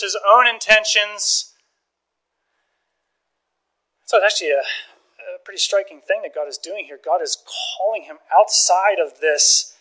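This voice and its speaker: A man preaching a sermon, telling stories with lively acted-out dialogue and frequent chuckles. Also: high-pitched, rough recording. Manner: animated storytelling, acts out dialogue, chuckles often. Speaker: pastor.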